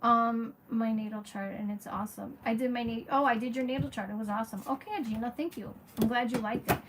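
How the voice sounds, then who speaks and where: A woman's voice: a little high, quick pace. Chatty frank woman astrologer, noisy background. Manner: chatty, frank, answers viewers by name. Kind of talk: casual livestream chat. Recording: steady background noise.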